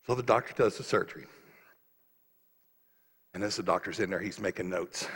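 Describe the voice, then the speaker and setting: A man preaching a sermon, telling a story quietly and then building to fervent, rising exhortation. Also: low voice, normal speed, husky. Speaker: pastor. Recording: long reverb of a large hall.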